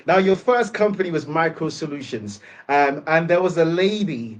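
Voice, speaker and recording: A man hosts a sit-down interview, chatting and prompting his guest, often restarting his sentences. His voice is a little higher than most men's. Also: expressive, moderate pace. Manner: conversational, stumbling restarts, eager prompts. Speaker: host. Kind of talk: casual interview chat.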